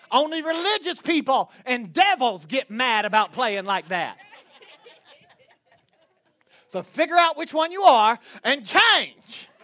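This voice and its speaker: A man from Northwest Florida with a Southern accent, preaching a sermon to his congregation with jokes and lively stories. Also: extremely high pitch. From Northwest Florida, USA. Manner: joking, animated storytelling, quick asides to the crowd. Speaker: pastor.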